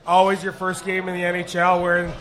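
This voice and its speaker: Raspy-voiced man, high and bright. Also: quick pace. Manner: relaxed, rambling with fillers. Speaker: guest, former hockey player. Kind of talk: casual live interview. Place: bar event with live audience.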